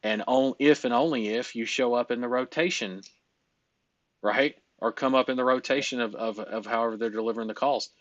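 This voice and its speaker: A man's voice: medium pitch, a little fast, no room sound, lo-fi sound. A man coaching on a casual group call, emphatic and loose-talking, swearing and laughing often.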